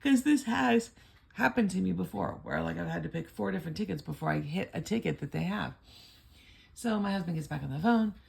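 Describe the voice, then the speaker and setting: A woman's voice: fairly low pitch, animated, fairly quick, darkish tone. An older woman hosting a casual lottery-ticket vlog, chatting and rambling through a story. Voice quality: gravelly, husky voice.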